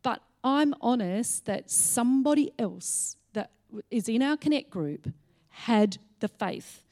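A woman's voice: a little high, expressive, slow, mellow. A woman giving a personal testimony from a church stage, speaking in a frank, chatty way.

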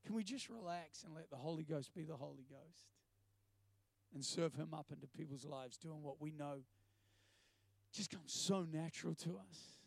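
A man's voice: a little high, moderate pace, vocal fry, no echo. A man preaching a sermon, telling stories with jokey asides. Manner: storytelling, animated, jokey asides. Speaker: preacher and TV presenter.

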